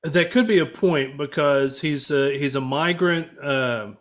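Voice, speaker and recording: A man's voice: fairly high pitch, unhurried. Chatty, agreeable man co-hosting. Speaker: podcast co-host. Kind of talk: casual chat.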